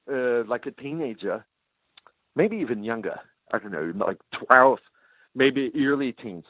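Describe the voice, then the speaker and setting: Husky man telling a lively story. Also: medium pitch, no echo. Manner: animated, emphatic, repeats "let me tell you". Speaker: storyteller guest. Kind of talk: animated anecdote telling. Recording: tinny phone-like sound.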